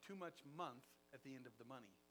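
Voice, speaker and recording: A man preaching a sermon, telling a story with acted-out dialogue and big swings in loudness. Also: medium pitch, lively intonation, brisk, slight background noise.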